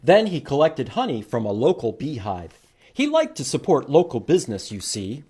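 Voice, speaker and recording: A man reading a picture book aloud to children as a librarian, animated and stopping to ask them questions. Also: medium pitch, moderate pace, husky. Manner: animated, asks the listeners questions.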